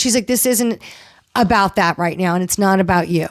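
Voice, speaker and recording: A woman hosting a casual recap show, chatty and animated, acting out quotes from the people she talks about. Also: medium pitch, a little fast, no echo, clean studio sound. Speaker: podcast host recapping reality TV.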